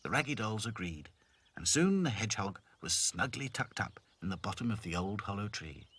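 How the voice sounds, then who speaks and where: A man narrating a children's cartoon storybook with expressive, lively storytelling. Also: fairly low pitch, moderate pace, breathy edge.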